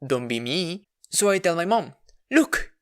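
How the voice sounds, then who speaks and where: Low-voiced woman telling a candid story. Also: expressive, normal speed, clean tone. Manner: candid, wry, self-deprecating, with frequent restarts. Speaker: vlogger. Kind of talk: personal storytelling monologue.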